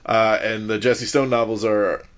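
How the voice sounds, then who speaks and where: A man's voice: on the low side, steady tone, a little slow. A man in casual movie chat who talks bluntly, swears freely and gets enthusiastic about what he likes. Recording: dull lo-fi recording.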